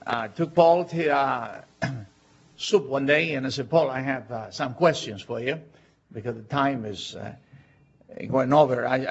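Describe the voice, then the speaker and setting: A man, a pastor, telling a story in a sermon, halting with fillers and then pressing hard with questions. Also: medium pitch, breathy edge. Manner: hesitant with many fillers, rising to emphatic questions. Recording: dull lo-fi recording.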